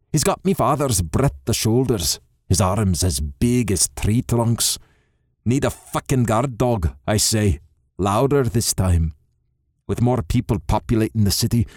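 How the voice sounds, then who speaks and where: A man narrating a first-person audiobook in a steady, low-key way. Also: dry recording, clean studio sound.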